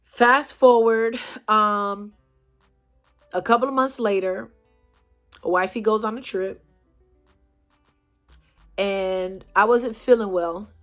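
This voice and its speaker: A woman telling a personal story to her viewers in a chatty, animated way. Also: medium pitch, slow, long pauses, faint music behind. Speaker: storyteller, channel host. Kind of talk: casual storytime vlog.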